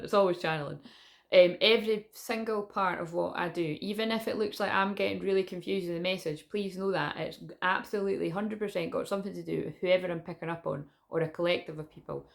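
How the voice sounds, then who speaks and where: Rambling Scottish woman with a gravelly voice. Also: on the low side. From Scotland. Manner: rambling, chatty, restarts often, swears casually. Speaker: psychic reader. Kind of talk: casual spiritual vlog, talking to camera. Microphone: camera in front of her.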